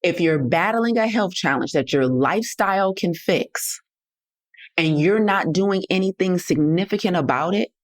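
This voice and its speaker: Woman, low voice, sassy and direct, motivational podcast host. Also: animated, normal speed. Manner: sassy, direct, preachy, talks straight to listeners. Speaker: podcast host and health coach. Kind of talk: motivational solo podcast talk.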